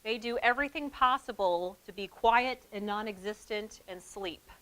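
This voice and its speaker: A woman presenting a training session on childhood trauma to school staff, talking in a lively way that drops to soft, calm tones. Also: mid-range voice, normal speed, poor audio. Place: event hall with an audience.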